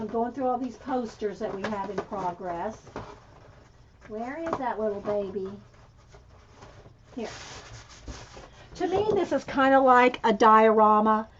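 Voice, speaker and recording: A woman's voice: a little high, muffled recording, a little hiss or hum. A middle-aged woman hosting an art channel, rambling in casual livestream chat with many restarts. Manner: rambling, chatty, restarts often. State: has the hiccups.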